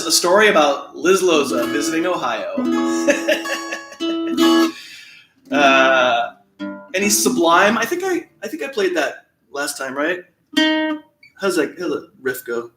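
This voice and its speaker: Chatty man with a high voice over loud guitar. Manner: chatty and self-deprecating, laughs often, plays and sings along on guitar. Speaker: livestream host. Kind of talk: casual livestream chat, reading viewer comments. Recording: roomy sound with loud guitar. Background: acoustic guitar playing.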